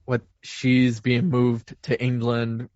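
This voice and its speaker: A man's voice: mid-range voice, completely flat delivery, takes it slowly, darkish tone, no room sound, highs cut off. A man co-hosting a podcast, rambling through a film plot with self-corrections. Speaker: podcast co-host. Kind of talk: casual plot recap.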